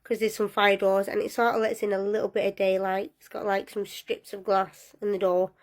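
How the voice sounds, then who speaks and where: A young woman telling a personal story in a casual, lively way, often breaking into laughter. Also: mid-range voice, a little fast.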